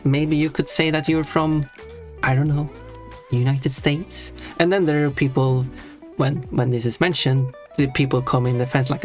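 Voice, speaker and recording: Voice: mid-range voice, fairly even intonation, moderate pace, faint music behind. A streamer from Sweden, chatting casually on a live stream, rambling and restarting sentences, laughing now and then at their own points.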